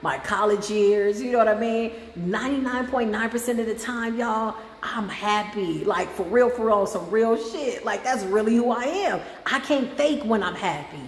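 A woman's voice: on the high side, moderate pace, few pauses. A woman hosting a casual spiritual reading on her channel. She talks in a sassy, chatty way and keeps calling her listeners "child" and "y'all". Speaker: spiritual reader and channel host. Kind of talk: casual tarot-reading vlog talk. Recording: echoey room with faint background hum.

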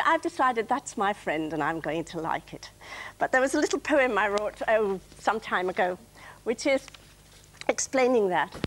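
Lively middle-aged woman reading comic verse. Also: mid-range voice, low-quality recording. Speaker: guest poet. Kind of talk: reading her own light verse. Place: television studio.

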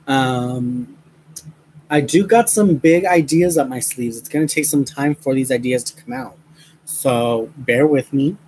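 A man's voice: medium pitch, unhurried, a little mellow, a little hiss or hum, poor audio. A young man chatting to his viewers while crafting, rambling with many fillers and frequent laughs, mentioning a headache. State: has a headache. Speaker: crafting vlogger.

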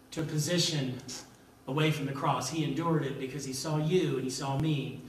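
A man's voice: on the high side, a little hiss or hum. An older man preaching a sermon as pastor, emphatic and repeating his key lines. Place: church sanctuary. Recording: echoey church from a distance.

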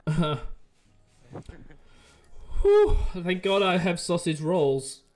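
A man's voice: high voice, wildly swooping pitch, very slow, darkish tone, faint music behind. A man hosting a live stream, chatting casually and joking in rambling banter. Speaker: livestream host.

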